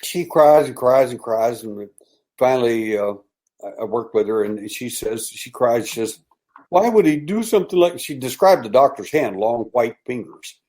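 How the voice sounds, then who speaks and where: An older man speaks as a podcast guest at an ordinary, middle pitch. He tells his story haltingly, full of restarts, and often sinks into a hushed, dramatic tone. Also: rough recording. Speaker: interview guest, abduction researcher.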